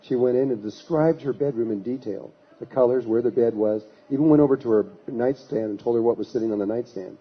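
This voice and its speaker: A man's voice: mid-range voice, brisk, hardly any pauses, breathy edge. A man giving a talk, telling a long anecdote in a rambling way and acting out the voices of the people in it. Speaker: lecturer. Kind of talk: storytelling talk. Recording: dull lo-fi recording.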